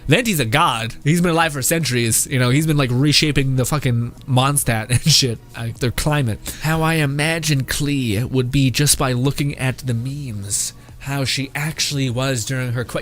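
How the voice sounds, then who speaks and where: A man's voice: mid-range voice, animated, a little slow, soft background music. A young man casually reacting to memes, laughing often and swearing while he rambles.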